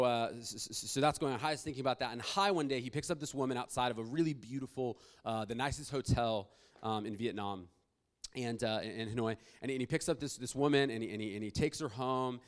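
Give me a man giving a sermon, halting and stumbling through a story, mid-pitched. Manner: halting, many restarts and fillers. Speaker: preacher.

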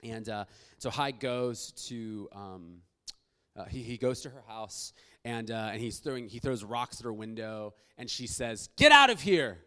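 A man's voice: on the low side, fairly even intonation, measured pace, clean tone. A man preaching, telling a long story with many restarts and fillers. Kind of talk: sermon storytelling.

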